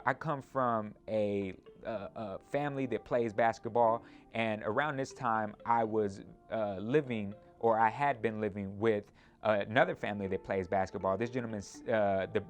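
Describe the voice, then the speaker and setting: A man in his twenties with a fairly low voice recounts his own story with animated energy. He keeps checking in with the listener and rushes ahead whenever he acts out a scene, and a faint bed of music plays beneath him. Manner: animated, speeds up in retellings, tag questions. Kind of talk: personal storytelling.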